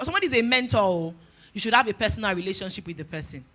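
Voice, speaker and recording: Bright-voiced woman giving advice. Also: medium pitch, lively intonation, very fast. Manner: earnest, direct advice with spoken fillers. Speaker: guest speaker. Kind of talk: conference talk giving career advice. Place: conference stage before an audience.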